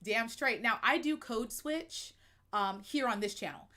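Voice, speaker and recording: An American woman hosting a livestream, chatting candidly to her viewers in a frank, expressive way, often laughing and saying um and like. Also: fairly high pitch, unhurried. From United States. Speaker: livestream host. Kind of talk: candid personal chat to viewers.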